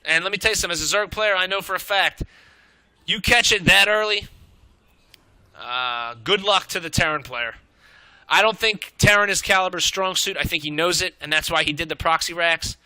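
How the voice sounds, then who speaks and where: A young man commentating a strategy game match, excitable and out of breath, swearing and rambling as he calls the play. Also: high-pitched, moderate pace, smooth, dry recording.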